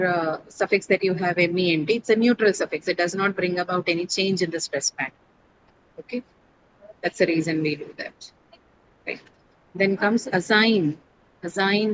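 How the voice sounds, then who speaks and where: A woman teaches an English lesson, working through word stress patiently and spelling out suffixes letter by letter. She keeps turning to her students with questions. There is a clear layer of noise behind her voice. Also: fairly low pitch, fairly even intonation, moderate pace, rough recording.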